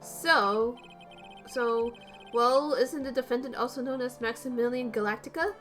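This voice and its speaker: A woman's voice: fairly high pitch, steady tone, measured pace, a bit bright, faint music behind. Woman playing an old male judge, dithering and mild, game dub. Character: elderly male judge, muddled and gentle.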